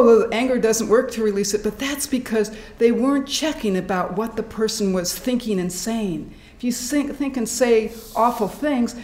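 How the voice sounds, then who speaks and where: A woman presenting a live workshop in a hospital meeting room, animated and demonstrative, acting out sounds and inner voices as she teaches. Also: on the high side. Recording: echoey room, faint background noise.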